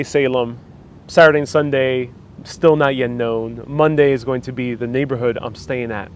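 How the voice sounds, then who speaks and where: A man with a New York accent chats on a live stream from outdoors, answering viewers in a loose, rambling way. His pitch sits right in the middle of a man's range. Faint city traffic hums in the background. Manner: chatty, rambling, with frequent fillers and restarts. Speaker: vlogger hosting a live stream.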